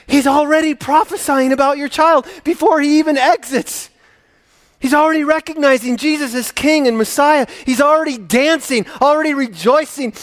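A man from Minnesota preaching a sermon, animated and shifting between loud emphasis and quiet asides. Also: extremely high pitch, moderate pace. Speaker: pastor.

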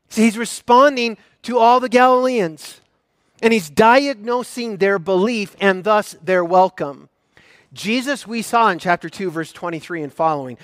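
A man's voice: high-pitched, fairly bright tone, no room sound. A pastor preaching a sermon, a man who retells the scripture story with growing emphasis.

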